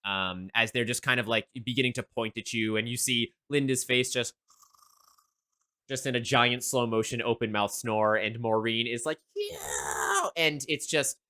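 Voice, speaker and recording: A man narrating as game master of a tabletop game, halting often with fillers. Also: medium pitch, steady tone, bright, forceful tone.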